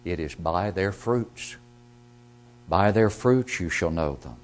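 Male preacher with a lowish voice, explaining scripture and swinging between hushed and loud delivery. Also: expressive, slow pace. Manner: swings from quiet, low passages to loud emphatic rises; reads scripture aloud and explains it. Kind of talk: sermon.

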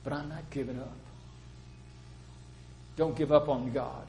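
A man's voice: mid-range voice, steady tone, measured pace, gravelly, dark tone, slight background noise, poor audio. An older man preaching a sermon in a plain-spoken, storytelling way, acting out the people he quotes.

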